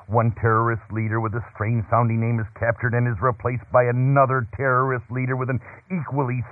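Low-voiced radio preacher, husky tone. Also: male voice, no room sound. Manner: measured, emphatic preaching cadence. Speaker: radio pastor. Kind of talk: radio sermon with storytelling. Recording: phone-like narrow-band radio broadcast.

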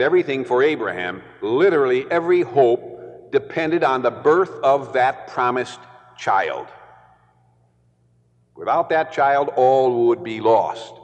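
A male preacher delivers his sermon at an unhurried pace, driving points home through careful repetition. His voice sits in a middle register. It carries a long reverberant tail, as if he is speaking in a large hall. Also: medium pitch. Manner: deliberate, emphatic repetition.

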